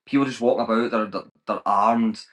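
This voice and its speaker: A man's voice: on the low side, fairly even intonation, brisk, a bit bright. A young Scottish man in his twenties, a guest on a podcast, talking casually with lots of restarts and slang. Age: 20s. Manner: chatty, many restarts, colloquial slang. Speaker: guest, travel vlogger.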